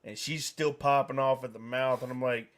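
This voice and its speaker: A man's voice: mid-range voice, steady tone, moderate pace. A man hosting a livestream, telling a meandering anecdote in casual chat. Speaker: livestream host.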